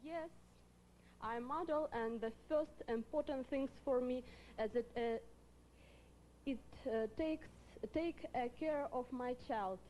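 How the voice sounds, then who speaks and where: A woman answers in careful, halting English, her shaping each phrase. Her voice is slightly high but mellow, with faint noise under it. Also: poor audio. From Soviet Union. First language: Russian. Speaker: pageant contestant.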